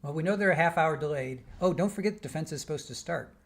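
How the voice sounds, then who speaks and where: A man's voice: on the high side, fast talker. An older man from the Midwest hosting a livestream. He reads viewer comments aloud and answers in a chatty, rambling way, often restarting his sentences. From American Midwest. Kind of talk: casual chat while waiting for a trial.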